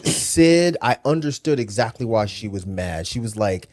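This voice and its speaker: A man co-hosting a podcast, excitedly retelling TV scenes in casual, profane chat. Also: on the low side, moderate pace. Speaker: podcast co-host.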